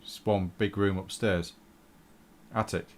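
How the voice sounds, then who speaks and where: Man playing a halting village tavern keeper. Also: sits low, fairly even intonation, slight background noise. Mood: hesitant. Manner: hesitant, halting.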